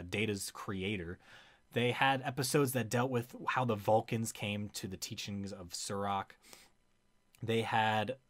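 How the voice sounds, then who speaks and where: A young man giving a casual spoken review, talking with many fillers and restarts. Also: lowish voice. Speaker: video reviewer.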